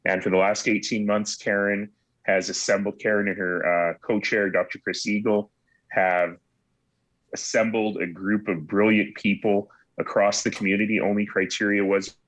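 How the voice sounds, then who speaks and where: A man's voice: lowish voice, level tone, moderate pace, fairly bright tone, no room sound. A man who is a city mayor, talking earnestly and with confidence as a guest on a video call interview. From Canada.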